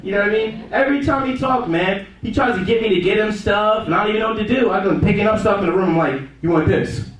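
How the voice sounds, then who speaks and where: Man, stand-up comic, high voice, loose chatty delivery, heard from back of a very echoey room. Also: fairly bright tone, recorded from a distance. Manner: laid-back, conversational, slips into quick impressions. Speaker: stand-up comedian. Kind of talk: stand-up set. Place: small comedy room, live audience. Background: audience laughter.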